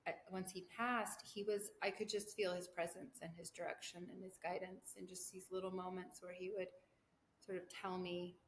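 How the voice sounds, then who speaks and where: A middle-aged woman with a fairly low voice talks through a personal story for her podcast. She rambles, interrupts herself and laughs between thoughts. The room is echoey, with a faint hum behind her. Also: little pitch movement, moderate pace. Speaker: podcast host.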